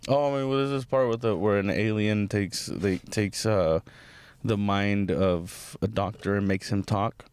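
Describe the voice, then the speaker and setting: Male comedian guest, lower voice, dry deadpan teasing, dry close sound. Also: measured pace, clear, resonant tone, dry recording. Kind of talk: casual chat.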